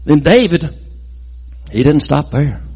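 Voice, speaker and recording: A man telling a Bible story in a lively, folksy way, adding sound effects and jokes. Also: a little high, slow, slightly rough.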